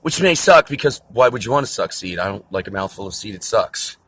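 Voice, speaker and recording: A man's voice: lowish voice, animated, brisk, a bit bright, slight background noise. A man delivering an angry, profane, rambling rant to camera outdoors near a store. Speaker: vlogger. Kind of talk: ranting monologue to camera.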